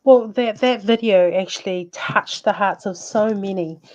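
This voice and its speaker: A woman's voice: mid-range voice, measured pace, a little mellow, highs cut off. A woman hosting an interview in a conversational way, with a lot of filler words. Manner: conversational, full of "you know" fillers. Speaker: show host. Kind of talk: casual interview chat.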